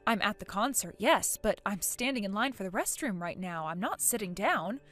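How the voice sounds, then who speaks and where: A woman voicing a calm, weary middle-aged mother in a storybook tale, patient and level-headed, with faint music behind. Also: mid-range voice, moderate pace. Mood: puzzled.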